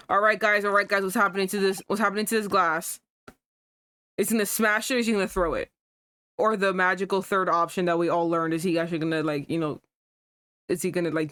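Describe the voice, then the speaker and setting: A woman streamer commenting casually on a game, talking fast and swearing in exasperated rants. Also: on the low side, a bit bright.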